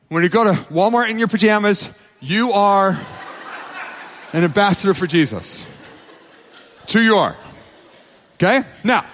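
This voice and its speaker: A man's voice: high voice, fairly bright tone. A man preaching a sermon as pastor, emphatic and repeating his phrases. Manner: emphatic, repeats phrases, quotes people in acted voices. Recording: long reverb of a church hall.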